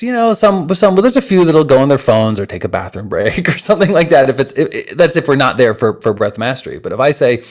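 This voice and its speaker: A man, an interview guest, talking with energy and laughter, then leading a breathing exercise in soft, slow instructions. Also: mid-range voice, very animated.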